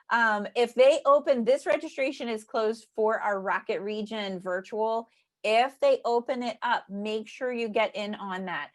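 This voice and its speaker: An upbeat woman hosts a casual livestream chat. Her voice sits a little high, and she laughs often and repeats herself for emphasis. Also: steady tone, unhurried. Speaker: host.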